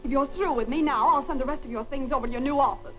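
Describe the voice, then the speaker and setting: An actress playing a lively young secretary, newly engaged, in a 1940s film. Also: female voice, high voice, fast talker, dull audio, soft background music, lightly acted.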